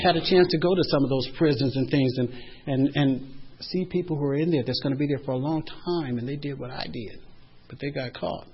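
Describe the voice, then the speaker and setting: A man's voice: medium pitch, a little hiss or hum. An older man speaking at a recovery meeting, giving heartfelt personal testimony with earnest, emotional storytelling. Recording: dull lo-fi recording.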